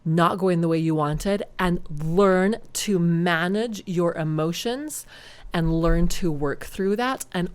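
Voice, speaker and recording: A woman's voice: fairly low pitch, takes it slowly, clean tone. Podcast lady telling her own story, earnest and reflective, perks up now and then. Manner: reflective, earnest, animated when retelling. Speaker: podcast host. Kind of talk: personal storytelling monologue.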